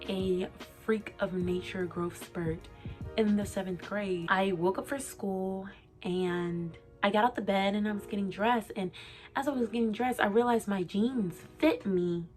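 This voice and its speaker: A woman's voice: mid-range voice, unhurried. Young woman, vlogger, confessional, articulate, emotional, faint background music. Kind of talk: candid confessional vlog.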